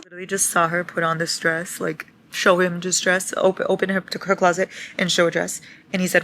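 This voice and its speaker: A young woman vlogging at home as she reads, gushing, swearing and squealing with excitement. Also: medium pitch, fairly quick, slight background noise. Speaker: book vlogger. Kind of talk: excited reading vlog chat. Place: home with noisy household.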